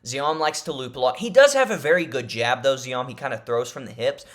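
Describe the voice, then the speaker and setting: Young man, casual fight predictions, rambling, excitable, middle pitch. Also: brisk. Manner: rambling, excitable, many fillers and restarts. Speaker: MMA picks host.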